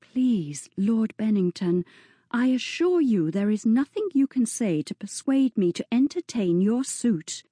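A woman voicing a frightened but defiant young lady in a storybook, her voice pitched high and strained. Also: lively intonation, measured pace, mellow, husky, no room sound, clean studio sound. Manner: high, strained, pleading then firm.

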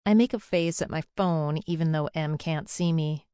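A woman's voice: low-pitched, moderate pace, mellow, smooth, dry recording, clean studio sound. A young adult woman narrating a first-person audiobook in a chatty, confiding way.

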